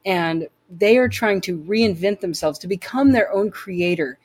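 A woman's voice: lowish voice, unhurried, a little mellow, breathy edge. A woman telling her personal faith story as an interview guest, earnest and emphatic, often repeating words as she restarts.

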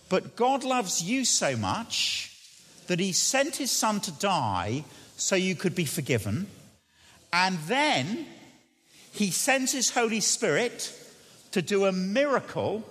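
Man, preacher, sermon, earnest and questioning, high voice, long hall echo. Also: a bit bright, husky. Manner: earnest, questioning, repeats key phrases. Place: church.

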